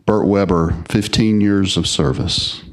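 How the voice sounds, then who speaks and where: A man's voice: sits low, fairly even intonation, heavy background noise. A man presenting service awards at a city council meeting, speaking unhurriedly with frequent fillers. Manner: unhurried, halting with many fillers. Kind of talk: formal ceremony remarks with casual asides. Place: council chamber.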